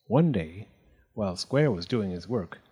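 Slow, gentle man reading a picture book. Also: on the low side, expressive, breathy edge. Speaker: narrator. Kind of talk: children's picture book read-aloud.

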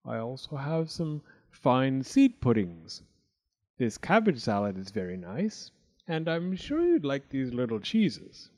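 A man voicing a gentle, kind old man of the mountains in a storybook. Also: medium pitch, huge pitch swings, slow pace. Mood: coaxing. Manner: gentle, surprised, pleading.

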